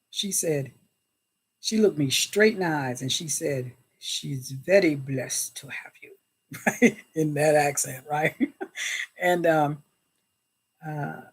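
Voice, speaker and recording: Woman, livestream host, animated and chatty, greets chat by name, devout asides. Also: sits low, breathy edge. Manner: often invokes God and Jesus.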